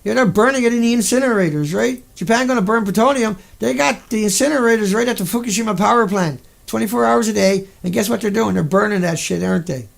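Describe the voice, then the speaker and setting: A man's voice: high-pitched, quick pace, creaky, hardly any pauses. A man delivering an indignant, profane, sarcastic monologue rant on his own channel. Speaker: vlogger.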